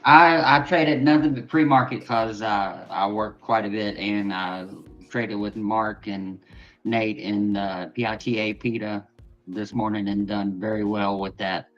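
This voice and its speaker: Soft-spoken American man, lo-fi call. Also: lowish voice, fairly even intonation, measured pace, soft background music. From United States. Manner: brief, modest, polite answers. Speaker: guest trader on panel.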